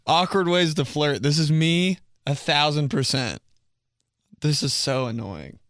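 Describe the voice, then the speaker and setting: A young comedian with a mid-range, slightly bright voice tells casual, funny stories about himself, speaking slowly but very animatedly with no echo. His monologue rambles, full of fillers, and he laughs at his own jokes.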